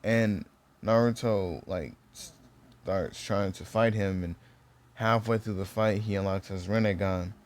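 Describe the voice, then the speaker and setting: A young man telling a homemade fan story off the cuff, full of "like" and self-corrections. His voice sits a bit low, and he keeps a loose, conversational flow. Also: fairly even intonation, a little slow. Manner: rambling, many fillers and restarts. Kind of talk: casual fan story retelling.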